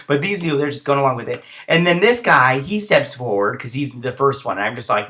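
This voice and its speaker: A man hosting a casual recap of a TV episode rambles along in a medium-pitched, sing-song voice that sounds pushed and bright. He briefly acts out the characters in quick voices and chats with lots of fillers like "he's like".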